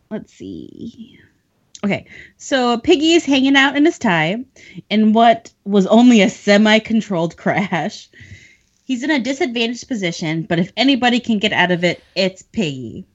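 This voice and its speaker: A woman's voice: on the high side, animated, moderate pace, muffled recording. A woman podcast host who recaps book chapters in a chatty way and laughs often between lines.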